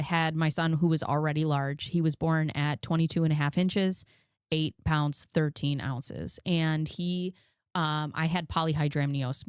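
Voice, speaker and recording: Chatty low-voiced woman, clear and dry. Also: dry recording. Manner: chatty and candid, laughs often, reads out case notes. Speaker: commentary channel host. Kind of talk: casual storytelling commentary.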